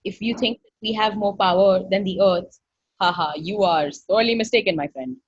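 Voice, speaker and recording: Female facilitator, slightly husky, warmly effusive teacher on a muffled video call. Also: medium pitch, normal speed, dry recording. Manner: effusive, earnest, quotes dialogue animatedly. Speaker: workshop facilitator. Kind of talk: online workshop talk. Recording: dull dry video-call audio.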